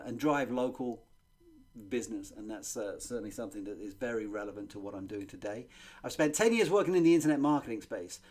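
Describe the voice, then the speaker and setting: A middle-aged Englishman gives a marketing presentation in a loose, conversational way. His voice sits at a mid pitch, and he fills pauses with frequent ums and uhs. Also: a little mellow. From England. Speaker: magazine publisher presenting a marketing webinar.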